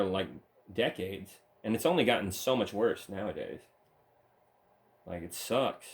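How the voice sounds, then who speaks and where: Man, slightly low voice, casual rant, swears freely and sneers. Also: unhurried. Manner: profane, scornful ranting. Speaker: channel host. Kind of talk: solo ranting monologue.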